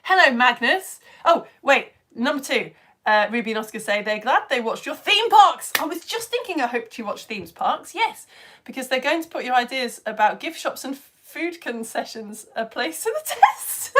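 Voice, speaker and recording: A chatty British woman runs a live online science lesson for home-educated kids, greeting viewers and reading their chat messages aloud. Her voice sits fairly high and swoops all over the place with animated, enthusiastic energy, and she laughs readily. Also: normal speed. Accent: British English. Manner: bubbly, chatty, laughs often.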